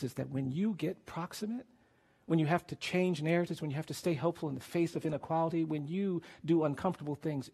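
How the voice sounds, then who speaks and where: A middle-aged man speaks in a gravelly, husky voice pitched a bit high for a man. He tells a heartfelt story as a speaker, slow and earnest, often sinking into soft, hushed tones. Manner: slow, earnest, drops to soft near-whispers at emotional moments. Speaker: lawyer and speaker.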